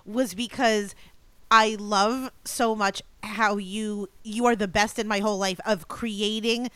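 Brief woman, podcast co-host, giggly and teasing, mid pitch, close dry sound. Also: steady tone, slow pace, fairly bright tone, clear, resonant tone, no echo. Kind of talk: casual chat.

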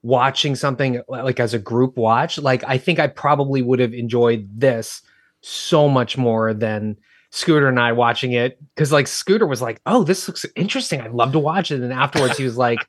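A man's voice: mid-range voice, steady tone, normal speed, dry recording, studio quality. A man on a podcast who talks in long rambling runs full of fillers like you know and like. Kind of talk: casual podcast chat.

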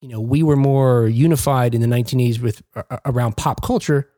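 A man's voice: mid-range voice, quick pace, warm tone, dry recording, studio quality. A man in his forties hosting a podcast, chatting casually and joking with his co-hosts, with laughter breaking in often. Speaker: podcast host. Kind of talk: casual chat.

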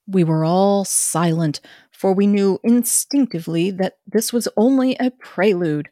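A woman podcast co-host narrating a novel aloud in a steady, earnest way. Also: mid-range voice, measured pace, no room sound, clean studio sound.

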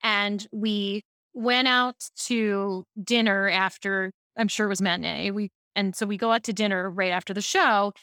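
Bright-voiced woman speaking coach. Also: medium pitch, normal speed, clear, resonant tone, no room sound, studio quality. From Baltimore, USA. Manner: lively storyteller, animated asides. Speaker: speaking coach, podcast guest. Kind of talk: casual podcast interview.

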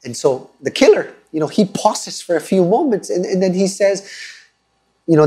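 A man's voice: sits high, animated, moderate pace, darkish tone. A man in his thirties preaching an online sermon, earnest and emphatic, telling stories and asking listeners to type responses.

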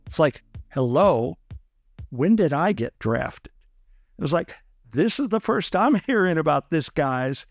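A man's voice: a little high, lively intonation, measured pace, vocal fry, faint music behind. A man, a lawyer, telling his own story in an interview and acting out other people's lines with animation.

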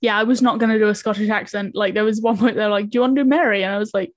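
A woman's voice: medium pitch, little pitch movement, quick pace. A young woman co-hosting a podcast, chatting casually with lots of fillers and frequent laughs. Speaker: podcast co-creator. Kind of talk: casual chat.

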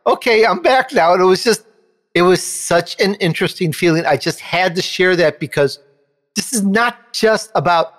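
An interview features a male show host animatedly relating his own story at a moderate pace in a large hall. Each quoted line brings a jump up in his pitch.

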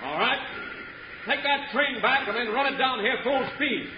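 An actor playing a scheming masked outlaw boss in an old radio western, taunting and giving orders. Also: male voice, very high-pitched, moderate pace. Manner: taunting, commanding. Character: scheming masked villain boss, adult man. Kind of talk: 1950s radio drama acting. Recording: echoey dull old radio broadcast with hiss.

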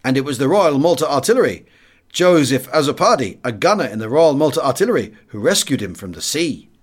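A man's voice: mid-range voice, big pitch swings, brisk, breathy edge. A man voicing a cheerful Maltese cafe proprietor who tells his stories eagerly in broken English, within an audiobook reading.

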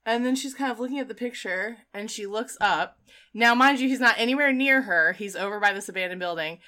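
A woman co-hosting a casual chat, retelling a film scene by scene in an animated way, with frequent laughs. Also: fairly high pitch, a little fast. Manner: animated storyteller, acts out the quotes, laughs often. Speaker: podcast co-host. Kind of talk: casual movie recap chat.

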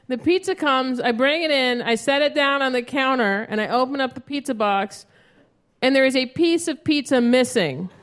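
A woman in her thirties performing a profane, animated stand-up set on a club stage. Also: high voice, moderate pace. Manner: profane, animated storytelling with acted outbursts. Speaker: stand-up comedian. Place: comedy club stage before a live audience. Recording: live show with audience noise.

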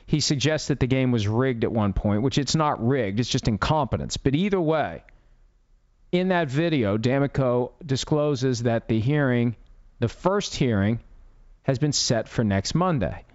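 A man's voice: medium pitch, animated, measured pace, darkish tone, no echo. Blunt, sarcastic male legal commentator. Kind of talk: opinionated commentary. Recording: dull lo-fi dry audio.

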